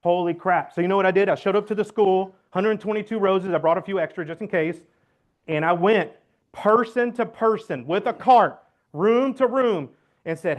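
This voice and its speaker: A man addresses his real estate team in a meeting. He talks loud and blunt, cracks jokes, and acts out phone calls in a voice pitched a bit high for a man. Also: expressive, moderate pace. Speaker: real estate agent giving a team talk. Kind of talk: motivational team meeting talk. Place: meeting room.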